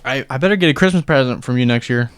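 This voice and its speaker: A man's voice: mid-range voice, quick pace, clean tone, dry recording, studio quality. A young man hosting a casual podcast chat, laid-back and teasing with crude jokes. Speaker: podcast host.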